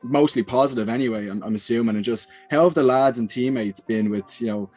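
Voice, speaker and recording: A man's voice: medium pitch, fairly quick, a little mellow, faint music behind. Chatty male podcast host. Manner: chatty, leading questions. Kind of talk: casual interview.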